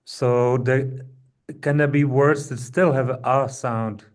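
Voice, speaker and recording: A man's voice: medium pitch, steady tone, slow. A man asking hesitant questions as a student in an online language lesson.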